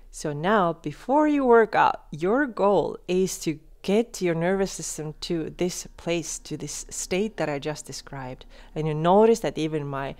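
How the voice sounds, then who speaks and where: A woman with a slightly low voice talks straight to her listener as a podcast coach. She moves between fast, animated stretches and slowed, softly spoken calm passages. She often asks the listener questions. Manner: expressive, shifts between fast excited talk and slow soft calm; addresses listener directly with questions. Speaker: podcast host and wellness coach. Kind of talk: instructional podcast talk.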